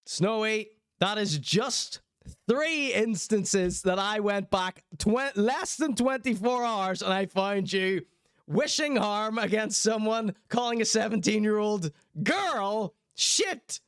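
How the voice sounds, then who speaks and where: A man's voice: high voice, animated, slow pace, a bit bright, clean tone, dry recording, studio quality. A man hosting a show, talking casually and teasing, often breaking into laughter as he speaks. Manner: laughs mid-sentence, teasing. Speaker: host. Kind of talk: casual mocking commentary.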